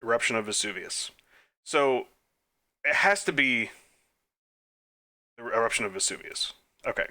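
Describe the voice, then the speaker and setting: Bright-voiced man muttering quiz answers. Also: mid-range voice, moderate pace, long pauses. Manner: muttering answers, self-deprecating, chatty asides. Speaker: quiz game let's player. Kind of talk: casual thinking-aloud gameplay commentary.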